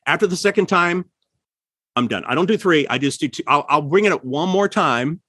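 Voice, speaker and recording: A man hosting a casual podcast, giving writing advice and acting out quoted lines with sudden jumps in pitch. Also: lively intonation, brisk, sharp tone, dry recording. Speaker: writer and podcast host.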